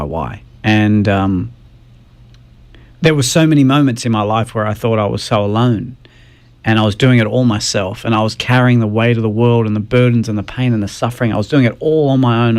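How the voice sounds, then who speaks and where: A man's voice: mid-range voice, darkish tone. A man, a podcast guest sharing his faith story in an earnest, emotional way. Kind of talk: personal testimony in a podcast interview.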